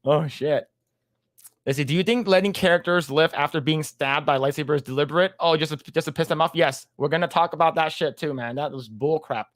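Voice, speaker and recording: A man with a slightly high voice talks in a laid-back, chatty way as he reads chat comments aloud on a livestream. He laughs easily between comments. The sound is dry and close, with no room echo. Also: brisk. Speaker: podcast co-host reading live chat.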